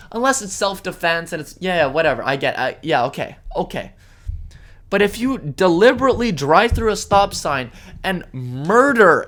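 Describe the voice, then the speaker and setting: A man hosting a solo podcast, ranting sarcastically and indignantly, jumping between loud outbursts and muttered asides. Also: sits high. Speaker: podcast host. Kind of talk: solo opinion rant.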